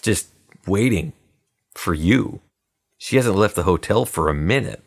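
A man voicing a quiet, plump middle-aged hotel detective who speaks softly, calmly and unhurriedly. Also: low-pitched, exaggerated voice. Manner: soft, calm and unhurried.

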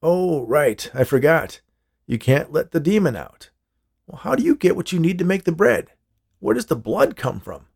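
A man's voice: a little high, very animated, moderate pace, vocal fry, husky, voice pushed up, heavily acted. A man voicing an escaped male convict who is desperate and demanding. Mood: questioning. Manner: demanding, rising to shouts.

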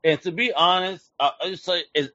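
A man hosting a casual interview, talking in a slangy, excitable, hype-driven way. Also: sits high, brisk, no echo, muffled recording. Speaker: interview host.

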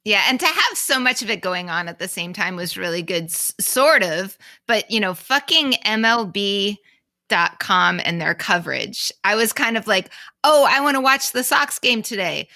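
A woman's voice: mid-range voice, expressive, normal speed, pushed and bright, no room sound, studio quality. A woman co-hosting a casual sports podcast, blunt and swearing freely, laughing often. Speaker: podcast co-host. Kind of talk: casual chat.

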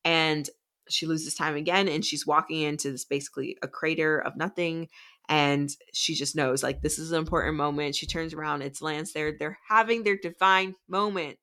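Young woman podcast co-host, low crisp voice, chatty and profane. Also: normal speed. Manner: animated, profane, chatty recapping. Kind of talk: casual book discussion.

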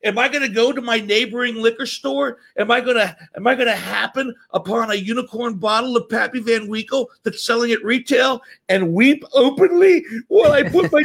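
A middle-aged man hosting a podcast, telling stories in an animated way, laughing and jumping up in pitch when excited. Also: a little fast, creaky, husky. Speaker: podcast host. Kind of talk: casual storytelling monologue.

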